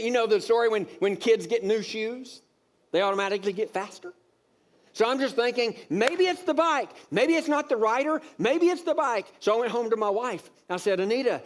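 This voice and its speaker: A man preaching a sermon, telling a personal story with many fillers and repeated words, growing animated and exasperated with rising emphasis. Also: sits high. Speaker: pastor.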